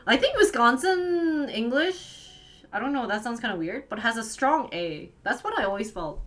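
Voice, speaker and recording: A slightly high, animated and somewhat bright voice belongs to a young woman streaming from the northern United States. She speaks at a normal speed, giggling and saying "like" a lot as she chats casually with viewers, with soft music in the background.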